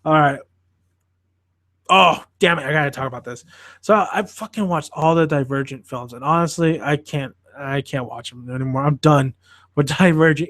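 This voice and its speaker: A man with a fairly high voice hosts a podcast in a loose, rambling chat that is full of swearing. His talk is excitable, and his voice sounds dry and close, with no room echo. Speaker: podcast host reviewing films. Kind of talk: casual chat.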